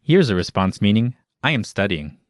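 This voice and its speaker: A man with a very low voice narrates a language lesson in an even, explanatory tone, introducing each phrase and its parts. His voice is recorded close and dry. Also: normal speed, dry recording. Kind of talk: scripted instructional narration.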